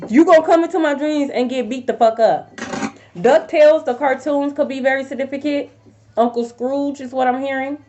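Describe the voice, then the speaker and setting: Tarot reader, woman, high voice, blunt and swearing, dull lo-fi audio. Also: normal speed, slight background noise. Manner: blunt, profane, with sudden loud outbursts. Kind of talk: casual tarot reading to viewers.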